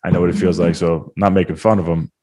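A male podcast host speaks with a fairly low voice. He chats casually with his guest and tells stories animatedly, laughing often as he goes. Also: fairly even intonation, fast, warm tone.

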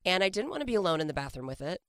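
A woman comedian with a very low voice talks through a cold that is taking her voice away. Her delivery is dry and matter-of-fact, in close, dry sound. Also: very animated, very fast, fairly bright tone, no room sound. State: losing her voice, under the weather. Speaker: comedian guest. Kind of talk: casual talk show banter.

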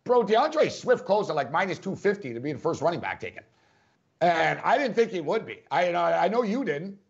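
A man argues on a sports podcast in a high, emphatic voice. He keeps repeating his points as if he can't believe them. The sound is dull and lo-fi. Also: big pitch swings, fairly quick, gravelly. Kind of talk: casual sports debate.

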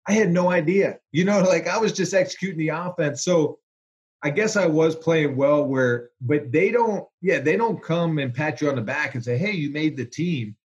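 A man, a former pro quarterback, telling stories in a relaxed interview with lots of fillers. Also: fairly high pitch, moderate pace, highs cut off. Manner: animated, chatty storyteller with fillers. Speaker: former NFL quarterback, guest. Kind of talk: casual storytelling interview.

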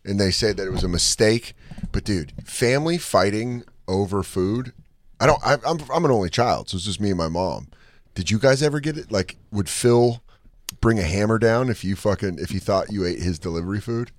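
Casual male podcast host, animated storyteller, salty language, dry booth sound. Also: fairly low pitch, fairly quick, no echo. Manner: animated storyteller, swears a lot, acts out quotes. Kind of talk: casual chat.

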